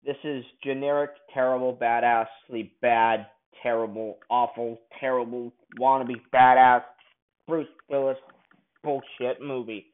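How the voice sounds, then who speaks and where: A man angrily ranting through a movie review, swearing often and bursting out loudly now and then. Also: mid-range voice, fairly even intonation, a little slow. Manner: angry, profane ranting with sudden loud outbursts. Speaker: film reviewer. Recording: tinny phone-like sound.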